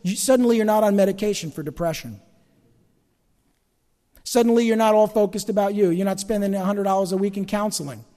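A pastor preaching a sermon, swinging between loud emphatic lines and quiet asides. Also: male voice, high voice, fairly quick, in a large hall.

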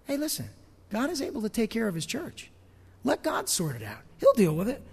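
A male pastor preaching a sermon, asking his congregation rhetorical questions and swinging between loud emphasis and hushed asides. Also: high-pitched, huge pitch swings, a little fast, vocal fry, slightly rough, in a large hall.

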